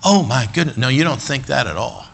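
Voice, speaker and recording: Bright-voiced preacher man. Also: mid-range voice, animated, a little fast, gravelly, slightly rough, rough recording. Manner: swings from quiet talk to shouted emphasis; stumbles and repeats words. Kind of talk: sermon.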